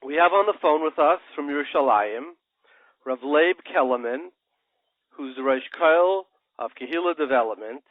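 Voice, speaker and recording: A man's voice: a little high, lively intonation, moderate pace, no room sound. A male radio show host giving an impassioned, preachy monologue, firing off rhetorical questions and telling parables. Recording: tinny phone-like line, dry.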